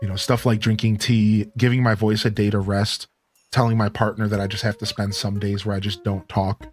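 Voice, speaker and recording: A male game streamer chatting casually with his live viewers, relaxed and rambling with lots of "like" and "you know", his voice still a bit worn. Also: fairly low pitch, brisk, soft background music.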